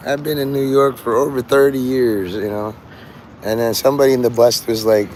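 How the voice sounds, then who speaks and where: A man's voice: medium pitch, steady tone, fairly quick, rough recording. A man livestreaming from a city street, rambling in casual chat with profane, darkly joking asides. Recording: loud street traffic noise. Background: vehicles and city ambience.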